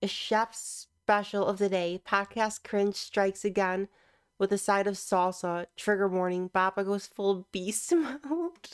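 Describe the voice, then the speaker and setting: A young woman giving casual, teasing reaction commentary on online clips, sarcastic and quick to laugh. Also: mid-range voice, clear, resonant tone.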